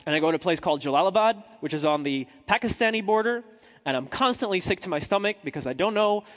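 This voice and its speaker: This high-pitched journalist talks fast and animatedly with a fairly bright tone, telling a humorous story to a live crowd. He is chatty and self-deprecating, slipping in asides to the audience, and a long reverb tail follows his voice.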